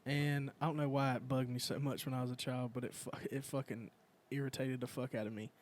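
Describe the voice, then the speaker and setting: A young man hosting a casual chat, telling profane stories and shouting out quoted lines. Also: medium pitch, flat delivery, a little fast. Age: young adult. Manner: profane storytelling, loud acted quotes. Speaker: podcast host.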